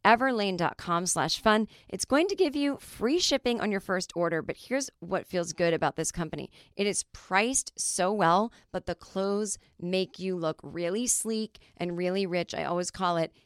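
A middle-aged woman hosting a podcast, telling stories in a chatty, animated way with lots of fillers. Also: fairly low pitch, normal speed, hardly any pauses, clean tone, no echo, studio quality. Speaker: podcast host. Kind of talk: casual comedic monologue.

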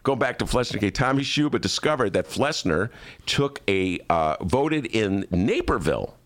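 A man hosting political talk radio, animated and sarcastic, speaking to listeners as folks. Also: lowish voice, normal speed. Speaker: radio talk show host. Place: radio studio.

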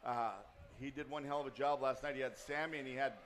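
A man's voice: mid-range voice, steady tone, fast talker, slight background noise. A man being interviewed as a guest, talking about his sons' racing in a joking, earnest way. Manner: joking, then soft and earnest. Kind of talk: casual interview.

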